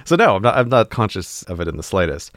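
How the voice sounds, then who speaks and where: An American man chatting casually on a podcast, animated and laughing often. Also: low voice, fast, no room sound, clean studio sound. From United States.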